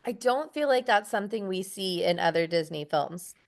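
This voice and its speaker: A woman joins a relaxed podcast conversation with easy enthusiasm, tossing in quick agreements and laughing often. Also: medium pitch, creaky. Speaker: podcast co-host. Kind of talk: casual chat.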